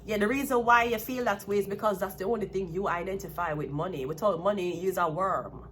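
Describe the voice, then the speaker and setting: A woman's voice: medium pitch, brisk, a little hiss or hum. Blunt Jamaican woman ranting over tarot. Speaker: tarot card reader. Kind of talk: solo tarot reading monologue.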